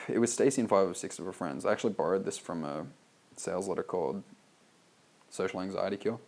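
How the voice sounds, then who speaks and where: A man's voice: low-pitched, a little fast, a little mellow. An Australian man reading his own sales copy aloud and critiquing it in a loose, casual way, full of "like" and swearing. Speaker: copywriter reviewing a sales letter.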